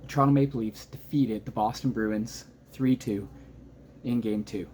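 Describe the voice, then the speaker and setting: A man recapping a hockey game at home at night, talking quietly but keyed up and emotional, rambling through the plays. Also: fairly low pitch, fairly even intonation, moderate pace, slight background noise. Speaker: hockey fan reacting to a game. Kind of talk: excited post-game reaction monologue.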